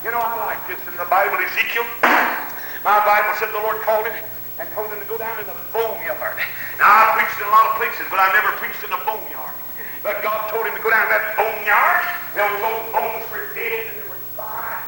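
A high, sharply bright male voice preaching a fervent sermon, peppered with "uh" and "hallelujah" and swelling into shouts. It rings through a very echoey hall with a faint hiss behind it. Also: fairly even intonation, brisk. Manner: emphatic, with frequent "uh" and "hallelujah" interjections.

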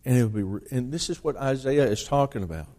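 A man in the pulpit delivers a sermon in a mellow, darker voice at an ordinary pitch. He reads the verses aloud with rising force, then explains them in looser talk full of small restarts. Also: quick pace. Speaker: preacher.

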